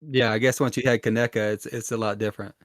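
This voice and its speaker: A man hosts a casual interview. He asks questions in an easygoing, agreeable way. His voice sits in a middle pitch, recorded close and dry. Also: fairly even intonation, quick pace, no echo. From Alabama, US. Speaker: podcast host.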